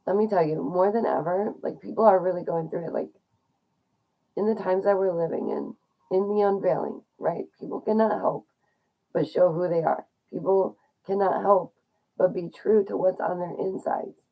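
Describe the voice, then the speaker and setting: Mellow-voiced woman giving chatty encouragement. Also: lowish voice, poor audio. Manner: chatty, encouraging, laughs often, uses fillers. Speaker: vlogger. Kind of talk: casual talk to viewers about loneliness.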